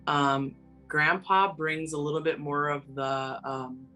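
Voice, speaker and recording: Lady psychic medium rambling gently, lots of likes and ums, faint music under her. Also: low voice, fairly even intonation, takes it slowly. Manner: meandering, filler-heavy, gentle. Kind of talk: casual spoken reading.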